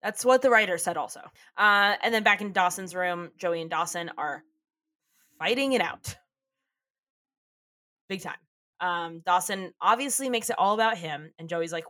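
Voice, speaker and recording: Low-voiced woman, chatty recap host. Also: moderate pace, pauses often, sharp tone, dry recording, studio quality. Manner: chatty, laughs often, swears casually. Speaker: podcast co-host recapping a TV episode. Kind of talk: casual chat.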